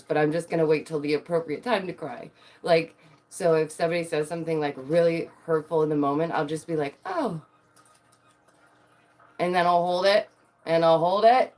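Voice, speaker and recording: A woman chatting casually to her viewers in a bubbly, giggly, playful way, acting out quotes in dramatic little voices. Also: sits low. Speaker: vlogger.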